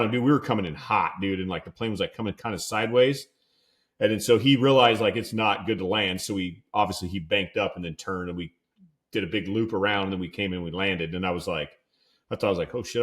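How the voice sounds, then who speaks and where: A young man from California, co-hosting a podcast, telling a rambling casual story full of "like" and "dude". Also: on the low side. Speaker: podcast co-host.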